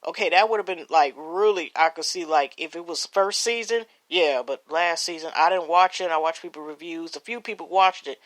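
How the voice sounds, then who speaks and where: A woman hosting a casual solo podcast, rambling and chatty, with many fillers and restarts, calling her listeners y'all and cheering loudly at the results. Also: lowish voice, a little fast, hardly any pauses. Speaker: podcast host.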